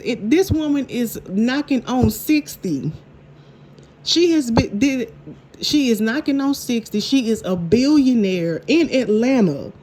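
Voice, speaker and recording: Woman reviewer, sassy animated recap, warm higher voice. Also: moderate pace, a little hiss or hum. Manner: sassy, animated retelling with acted quotes. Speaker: TV show reviewer. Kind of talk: casual recap chat.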